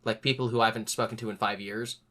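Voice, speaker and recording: A young man hosts a casual podcast chat. His voice is bright and forward. He tells stories with lively energy and raises his voice to act out what others said. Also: on the low side, fast. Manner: animated, acts out other people's lines in a raised voice. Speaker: podcast host.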